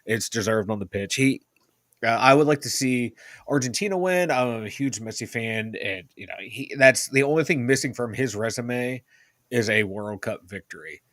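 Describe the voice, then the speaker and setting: A man's voice: medium pitch, expressive, moderate pace, fairly bright tone, no echo. A man from the Pittsburgh area co-hosting a sports podcast, chatting loosely with lots of fillers and swearing. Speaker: podcast co-host. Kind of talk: casual sports chat.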